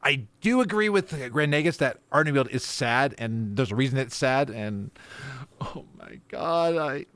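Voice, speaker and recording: A man's voice: medium pitch, fairly bright tone, no room sound. A man hosting a podcast, chatting casually and with enthusiasm, often restarting his sentences. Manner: enthusiastic, halting, many restarts. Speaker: podcast host. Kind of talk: casual chat.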